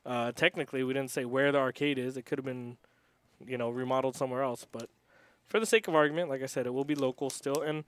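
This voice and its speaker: A man's voice: medium pitch, fairly even intonation, quick pace, a bit bright, dry recording. A young man who owns an arcade, talking on a casual livestream, swearing heavily and hitting back at critics while reading chat aloud. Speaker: arcade owner.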